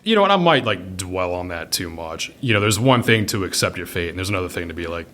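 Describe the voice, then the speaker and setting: A man's voice: low voice, animated, fast, bright, forceful tone, slight background noise. A man, a pub owner, talking bluntly in a casual interview, swearing freely and laughing through his stories. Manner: blunt and profane, laughs while telling stories.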